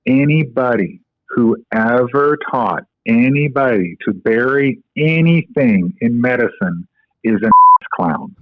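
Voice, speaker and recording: A man on a podcast explains a practical medical technique step by step, dropping in ums and stories along the way. His voice sits at a middle pitch. The audio is narrow and tinny, like a phone call, and dry with no echo. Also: expressive, takes it slowly. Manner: instructive storyteller, explains step by step with fillers. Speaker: guest, co-inventor of a medical device. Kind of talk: podcast interview.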